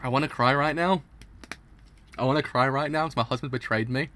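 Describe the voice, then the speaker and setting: A man's voice: mid-range voice, fairly quick, a bit bright. A young man streaming a live reaction, talking with dramatic, exaggerated mock outrage and frequent laughter.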